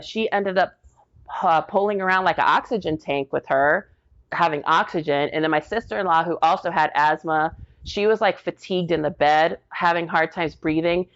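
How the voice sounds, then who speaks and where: Lively veteran woman, lo-fi audio. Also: on the low side. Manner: lively retelling, acts out quoted dialogue. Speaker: guest, Army veteran. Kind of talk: casual interview storytelling. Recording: dull lo-fi audio.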